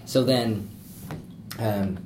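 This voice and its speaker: Distant low-voiced male interviewer, roomy echo. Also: drawn-out words. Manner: brief prompts and murmured backchannels. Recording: distant echoey room mic with noise.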